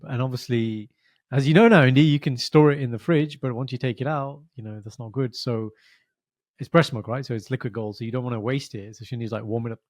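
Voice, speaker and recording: A man's voice: mid-range voice, fairly even intonation, brisk, darkish tone, no room sound. A man co-hosting a podcast in casual chat, teasing and joking while a little under the weather. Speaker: podcast co-host.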